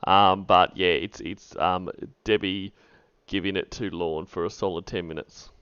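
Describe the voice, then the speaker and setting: A man hosting a livestream, laid-back, greeting viewers by name with many pauses. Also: sits low, steady tone, fairly bright tone, clean tone, muffled recording. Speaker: livestream host. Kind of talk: casual stream chat.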